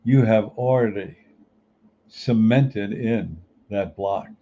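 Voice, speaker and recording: A spiritual teacher and coach gives a conversational motivational talk in a fairly low voice, taking it slowly and asking lots of rhetorical questions. The recording is muffled and lo-fi, with a little hiss or hum.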